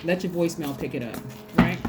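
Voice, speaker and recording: A woman's voice: deep voice, fast, over music. A woman giving a casual tarot reading, talking emphatically and acting out little quoted exchanges. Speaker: tarot reader.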